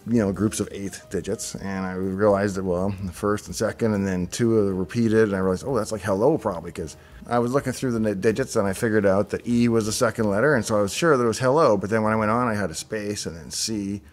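A middle-aged man hosts a show reviewing software designs, speaking fast in a lowish voice over soft background music. He casually thinks aloud, reacting to the designs on screen with chatty asides.

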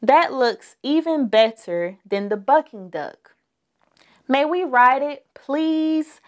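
A woman voicing little bear cubs, a boy and a girl, who whine and beg excitedly. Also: high-pitched, slow pace, highs cut off, pitched above the performer's own voice. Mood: whiny, begging. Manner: whining, begging, excited.

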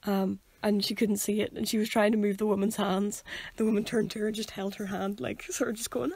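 Chatty young woman, slightly gravelly. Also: mid-range voice, flat delivery, fairly quick, few pauses, a little mellow, no room sound. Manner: chatty storyteller, acts out quoted voices. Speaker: podcast co-host. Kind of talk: casual chat.

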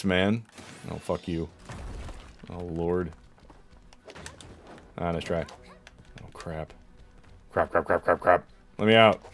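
A man playing a video game and reacting out loud, swearing often at the enemies on screen. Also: low-pitched, slight background noise. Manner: profane, reacting loudly to the game. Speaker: gaming YouTuber. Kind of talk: let's play commentary. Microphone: corded mic, hunched toward screen.

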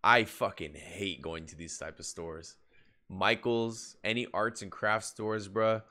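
A man hosting an anime reaction video, chatting loosely with a lot of slang and swearing, and jumping suddenly into excited outbursts. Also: fairly low pitch, measured pace. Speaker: anime reaction channel host. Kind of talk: casual reaction commentary.

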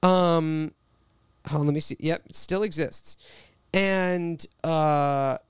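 A man in his twenties, a podcast guest, telling an animated story and reading out old posts. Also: on the high side, slow, smooth, dry recording, clean studio sound. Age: 20s. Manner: animated storytelling, quoting tweets. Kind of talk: casual podcast chat.

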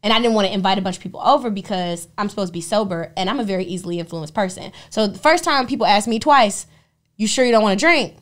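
A young adult woman co-hosting a podcast, telling stories in a profane, animated way and acting out the voices of the people in them. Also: mid-range voice, fast talker, few pauses. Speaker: podcast co-host. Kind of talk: casual podcast storytelling.

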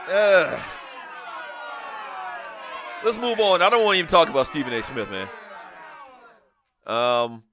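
A middle-aged man with a light Gullah Geechee accent hosts a casual sports talk show and jokes his way through viewer comments. His voice sits high and bright. It is recorded very dry and close. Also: no echo. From South Carolina low country near Charleston. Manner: animated, joking, laughs often. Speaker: show host. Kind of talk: casual sports talk, reading live chat.

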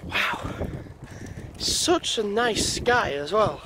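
Rambling man, slow and high. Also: lively intonation. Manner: rambling, thinking aloud. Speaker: vlogger. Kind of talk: casual walking vlog chat. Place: outdoors on a lane by a busy road. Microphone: handheld camera while walking. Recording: wind and traffic noise outdoors.

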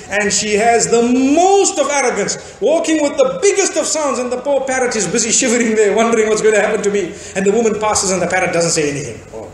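A man's voice: high-pitched, brisk, few pauses, slight background noise. A man from Zimbabwe in his forties giving a sermon, telling stories and asking the crowd rhetorical questions. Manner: animated storytelling with rhetorical questions. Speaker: preacher. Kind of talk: sermon lecture. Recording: echoey lecture hall.

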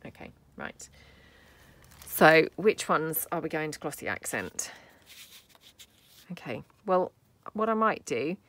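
A woman's voice: deep voice, very animated, unhurried. A woman hosting a crafting tutorial, chatting casually and thinking aloud as she works at a craft table. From United Kingdom. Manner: chatty, thinking aloud while working, soft asides. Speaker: craft video host.

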